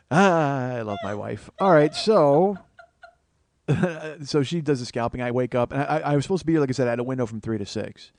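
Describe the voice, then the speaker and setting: With an animated, darkish, medium-pitched voice and a slightly fast delivery, a man hosting his own comedy show spins a long story. In this storytelling monologue he plays the other people's voices.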